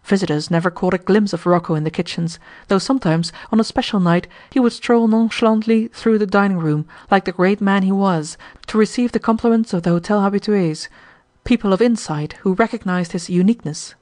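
A woman reading a novel aloud as an audiobook narrator, with a measured and expressive delivery. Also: mid-range voice.

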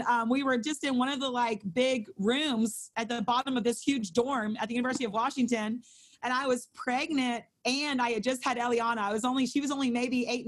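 A woman's voice: sits high, fairly bright tone. A woman in her thirties sharing a personal testimony in casual talk over a video call, acting out her own thoughts in quotes as she goes. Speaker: Bible study co-leader.

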